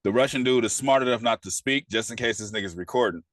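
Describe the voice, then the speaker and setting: Guy cohosting a tv review podcast, mid-pitch voice, acts out the scenes, cusses a lot, dry close sound. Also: quick pace, no echo. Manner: animated retelling, acting out characters' lines; profane, loose slang. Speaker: podcast co-host. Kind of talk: casual TV review chat.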